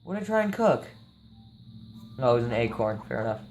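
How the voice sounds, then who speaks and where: A man's voice: medium pitch, very animated, fairly quick, darkish tone, a little hiss or hum. A young man giving casual, rambling and profane gameplay commentary, sleepy and joking as he plays. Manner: tired, rambling, jokey and profane. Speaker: gameplay streamer.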